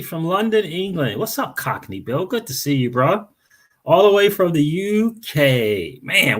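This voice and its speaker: Husky guy running a laid-back live stream, shouting out viewers by name, says stuff twice. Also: on the high side. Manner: greets viewers by name, repeats phrases. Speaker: crypto channel host. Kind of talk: casual livestream chat.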